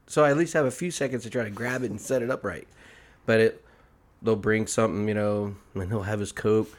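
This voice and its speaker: A man's voice: on the low side, steady tone, a little fast. A man in his thirties hosting a casual podcast chat, blunt and laughing as he tells stories. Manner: blunt storyteller, swears, laughs often. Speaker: podcast host. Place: barbershop.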